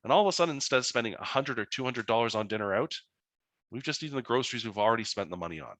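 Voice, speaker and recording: A man's voice: mid-range voice, racing, dry recording. A man, a financial educator telling anecdotes in an online webinar presentation. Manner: animated anecdotal storytelling.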